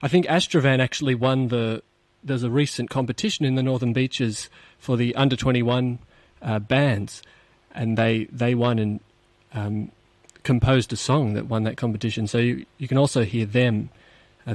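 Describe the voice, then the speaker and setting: A man, a radio host interviewing a guest in a friendly, slightly halting way. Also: medium pitch, steady tone, no room sound. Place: radio studio.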